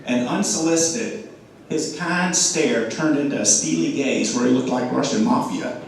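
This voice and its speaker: A man giving an animated sales talk to an audience, throwing questions at the room and acting out quotes. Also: medium pitch, moderate pace, a little hiss or hum. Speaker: speaker at a club meeting. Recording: echoey room, mic from a distance.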